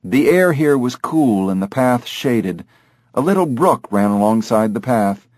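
A man narrating an audiobook in a measured, expressive way. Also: mid-range voice, no echo, clean studio sound. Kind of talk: scripted narration.

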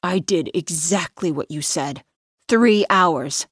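A woman's voice: on the low side, takes it slowly, breathy edge, no room sound. A trapped, furious man, as a woman narrator puts him on spits threats in a hissing growl, then breaks into frantic begging. His voice has a strained, altered edge, set apart from the narration in a dry, close audiobook read. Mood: menacing.

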